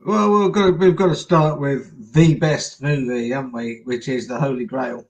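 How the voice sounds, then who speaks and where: A man's voice: medium pitch, steady tone, moderate pace, rough recording. A man co-hosting a casual live-stream film chat, joking and rambling a little over a home video call.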